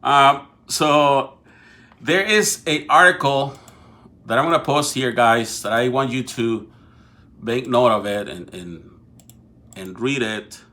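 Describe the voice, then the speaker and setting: A man's voice: medium pitch, takes it slowly, long pauses, sharp tone. A middle-aged man from Mexico with a Mexican Spanish accent, hosting a casual live political show and talking straight to viewers, often restarting and repeating words. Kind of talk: casual live-stream talk.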